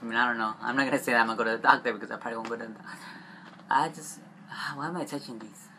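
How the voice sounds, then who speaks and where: A young man rambling in a confessional vlog, upset and stressed, halting and trailing off with frequent swearing. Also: mid-range voice, pushed and bright, slight background noise.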